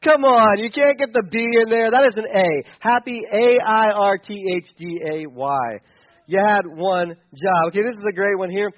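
A man's voice: high-pitched, normal speed, dry recording, muffled recording. A man giving sarcastic, exasperated comedic commentary on pictures, chuckling as he goes.

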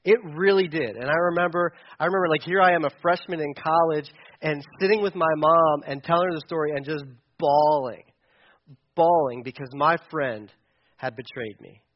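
A man's voice: fairly high pitch, moderate pace, lo-fi sound. A middle-aged man preaching, telling a personal story candidly with a self-deprecating touch and many fillers and restarts. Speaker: pastor. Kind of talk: sermon storytelling.

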